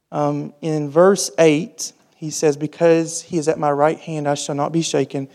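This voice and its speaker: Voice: medium pitch, a little mellow. A pastor giving a sermon, reading scripture aloud and explaining it in an informal, conversational way, with rhetorical questions and frequent fillers.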